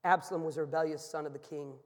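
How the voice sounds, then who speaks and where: A high-pitched man preaches in a large church, and his voice trails off in a long hall reverb. He tells stories, dropping to a hush and then rising to a shout. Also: steady tone, quick pace. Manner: storytelling, swings from hushed to shouting. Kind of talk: sermon.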